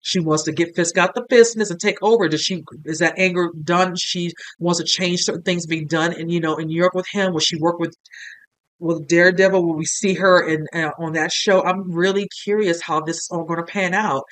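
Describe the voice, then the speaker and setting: A man's voice: high-pitched, steady tone, brisk, a bit bright. A man talking earnestly through a casual reaction commentary on a TV episode, emotional and full of filler phrases. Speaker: reaction video host.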